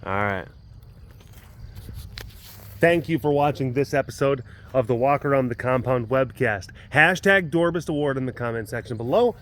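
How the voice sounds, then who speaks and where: A man's voice: medium pitch, expressive, moderate pace, pauses often, a bit bright. A man hosting a casual walk-and-talk vlog at an outdoor animal compound, rambling and laid-back, cooing at the big cats. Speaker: vlog host at a big cat rescue.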